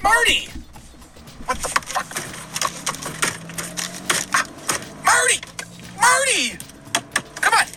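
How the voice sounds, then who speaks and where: A man voicing a panicked man yelling at his friend to wake up, swearing in a frenzy. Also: very high voice, reverberant, voice pushed up.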